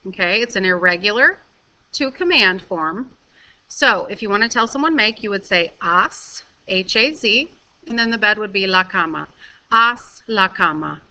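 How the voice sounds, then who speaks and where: A woman teaches a recorded video lesson in a bright, clear voice. She walks through each step carefully and keeps checking in with a quick "okay?". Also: mid-range voice, expressive, poor audio. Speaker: Spanish teacher.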